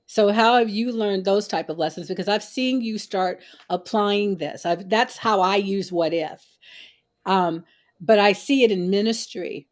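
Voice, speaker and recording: A woman's voice: medium pitch, unhurried. A woman hosting a faith-based conversation, encouraging and emphatic as she teaches a point and asks her guest a question. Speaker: host.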